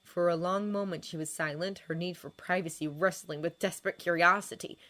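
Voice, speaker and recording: A woman reading a fanfiction story aloud, with measured, expressive narration. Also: fairly low pitch. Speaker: fanfiction reader.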